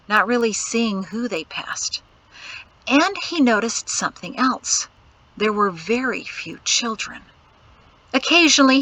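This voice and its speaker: Bright, crisp woman reading an audiobook. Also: fairly high pitch, dry recording, rough recording. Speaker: audiobook narrator. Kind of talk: scripted narration.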